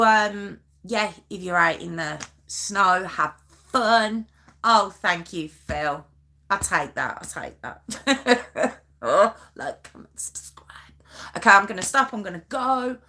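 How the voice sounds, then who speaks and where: A woman's voice: medium pitch, sharp tone. A woman hosting a live stream, chatting casually with viewers in a giggly, self-mocking, rambling way. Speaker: true crime live-stream host.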